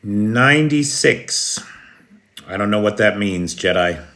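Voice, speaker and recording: An American man with a bright, edged voice hosts a live news stream. He talks in a loose, chatty way, reads out viewers' comments and answers them by name, clearing his throat now and then. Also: on the low side, lively intonation, slow. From United States. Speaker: livestream news host. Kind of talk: casual live chat reading viewer comments.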